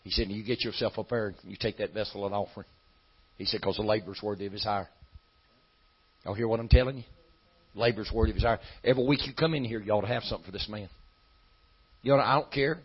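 Husky preacher man. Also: lowish voice, quick pace, pauses often, muffled recording. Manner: folksy preaching that builds to shouting. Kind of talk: sermon.

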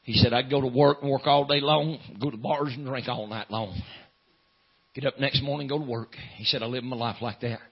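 A man preaching a sermon in a folksy drawl, filling pauses with "uh", swinging from loud preaching to hushed storytelling. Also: medium pitch, steady tone, creaky, slightly rough. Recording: dull lo-fi sound.

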